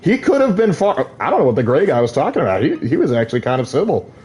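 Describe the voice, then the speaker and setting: A man's voice: mid-range voice, huge pitch swings, fast talker, a little mellow. A man casually commentating on his gameplay, rambling through opinionated asides full of "like.". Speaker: gaming streamer.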